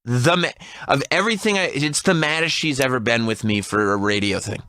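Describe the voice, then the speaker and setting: A radio co-host in his thirties telling a long story in casual banter, animated and laughing often. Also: medium pitch, fairly quick, no room sound. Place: radio studio.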